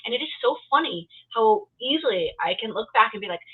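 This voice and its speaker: A woman guest talks over a tinny, phone-like line. Her voice is a little husky. She chats freely, leans on fillers and acts out her own inner thoughts. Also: fairly high pitch, expressive, quick pace, few pauses. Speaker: guest, poet and comics creator. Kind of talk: casual interview chat. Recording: tinny phone-like call audio.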